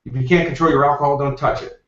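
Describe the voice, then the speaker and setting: A man's voice: medium pitch, fairly even intonation, fast talker, a bit bright, lightly acted. A man voicing a spry, blunt woman in her nineties who gives matter-of-fact advice. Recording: roomy, distant, dull lo-fi.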